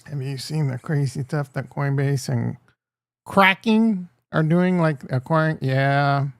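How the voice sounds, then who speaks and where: A man's voice: fairly high pitch, takes it slowly, creaky, no room sound, clean studio sound. A man hosting a casual livestream, rambling and crude as he jokes with his chat. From Upper Midwest. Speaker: livestream host.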